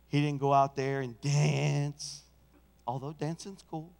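High-voiced preacher in a reverberant church. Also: male voice, steady tone, unhurried, gravelly. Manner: storytelling preacher building to shouts. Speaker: senior pastor. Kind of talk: sermon. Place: church sanctuary. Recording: long church hall reverb.

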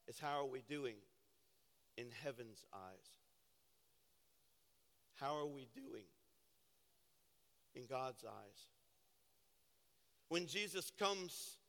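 An older man and pastor preaching a sermon with passion, swinging from hushed to loud. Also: on the high side. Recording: church sanctuary reverb.

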